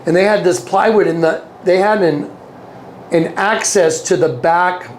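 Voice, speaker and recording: A man's voice: high-pitched, steady tone, a little slow, a little hiss or hum. A man telling a personal story as an interview guest, earnest, often repeating himself and acting out quoted dialogue. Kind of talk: casual storytelling.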